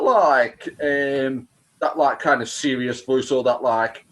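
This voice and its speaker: A man, a guest on a casual film commentary over a video call, rambling excitedly with lots of fillers. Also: mid-range voice, slow. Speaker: guest co-host.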